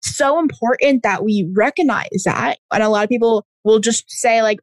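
A woman talking earnestly in a casual podcast chat, filling her talk with "like". Her voice sits fairly high. The sound is dry and close. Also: a little fast, few pauses, dry recording. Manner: earnest, lots of filler "like".

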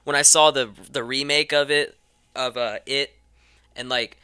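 A young male radio guest with a very bright, crisp voice that sounds close and dry in the studio. He talks in loose, chatty bursts, leaning on "like" as he goes, and laughs easily. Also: medium pitch, steady tone, a little slow, no echo. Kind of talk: casual chat.

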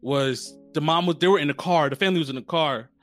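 A man with a slightly raised voice tells stories in loose slang and gets worked up as he goes. He co-hosts a relaxed podcast chat. Faint music plays under him. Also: on the high side, fast talker. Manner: animated storytelling, slangy. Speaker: podcast co-host. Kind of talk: casual chat.

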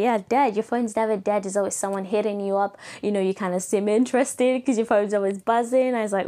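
A young woman with a raspy voice, hosting a casual solo podcast in a chatty, playful way, laughing often. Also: mid-range voice, steady tone, normal speed, dark tone. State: voice going raspy. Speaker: podcast host.

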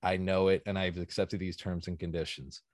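A man's voice: deep voice, flat delivery, moderate pace, darkish tone, no room sound, studio quality. A man hosting a podcast in casual chat, telling a story animatedly and acting out quotes. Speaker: podcast host.

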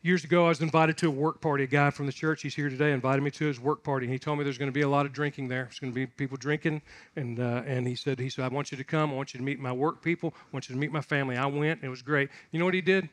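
A man's voice: mid-range voice, steady tone, very fast, fairly bright tone. A male pastor preaching a sermon, moving from conversational storytelling to emphatic, repetitive exhortation.

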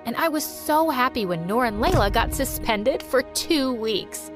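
A woman narrating a first-person story in a scripted, expressive and dramatic way. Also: on the high side, a little slow, over music.

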